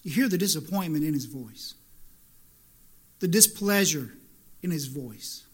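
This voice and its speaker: A man's voice: fairly high pitch, lively intonation, unhurried, slightly rough. A man preaching a sermon as pastor in a church, building through repeated rhetorical questions to emphatic peaks.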